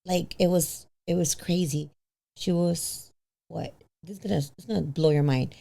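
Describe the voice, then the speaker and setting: Animated woman in her thirties. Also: normal speed, gravelly. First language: bilingual, switches into Spanish. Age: 30s. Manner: animated, acts out quoted voices with big pitch jumps. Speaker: podcast guest. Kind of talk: casual storytelling.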